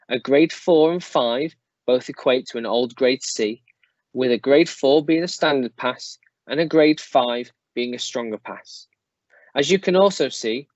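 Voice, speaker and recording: A man reads a prepared school presentation in a steady, formal, explanatory way, in a middle-pitched voice. The recording is dry and close, with a slightly dull, muffled quality. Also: dry recording. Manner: measured, formal, explanatory delivery. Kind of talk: scripted presentation to parents.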